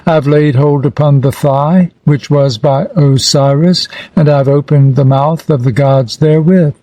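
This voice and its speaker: Man, solemn declamatory reading, mellow voice, dry close sound. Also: on the high side, steady tone, moderate pace, no echo, low-quality recording. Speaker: reader. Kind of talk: scripted reading of an ancient funerary text.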